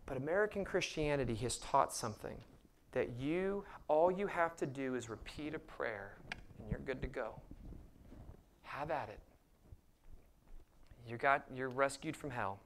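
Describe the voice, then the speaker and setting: A man preaching with passion at a middle pitch, his voice rising into emphatic bursts and then dropping to hushed asides. Now and then he slips in a dry, sarcastic jab. A faint background hum sits beneath him. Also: a little slow, pauses often. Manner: sarcastic mock voices for points. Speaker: pastor. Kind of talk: sermon.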